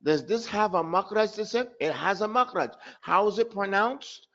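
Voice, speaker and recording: A man teaching Quran pronunciation in an online class, slowly demonstrating sounds and repeating syllables for his students. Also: sits high, a bit bright, muffled recording. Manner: chuckles at his own trick questions.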